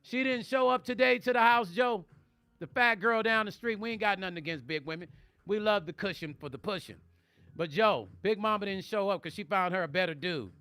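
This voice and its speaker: Middle-aged man, high, bright voice, dry close sound, joking livestream banter. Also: no room sound. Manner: joking, playful banter, drawn-out teasing. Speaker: musician and vlog host reading live chat. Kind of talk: casual livestream chat.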